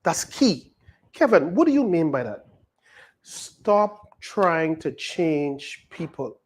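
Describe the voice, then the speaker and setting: A Bahamian man preaches with emphatic force and keeps asking rhetorical questions. His pitch swings widely, rising and falling as he drives each point home. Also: big pitch swings, slow pace. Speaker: pastor. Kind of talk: sermon.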